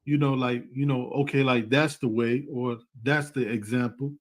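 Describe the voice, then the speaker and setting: A man's voice: medium pitch, fairly even intonation, moderate pace. Man chiming in on a scripture call. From United States. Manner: affirms with repeated "come, come", loose and wordy. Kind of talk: online scripture class.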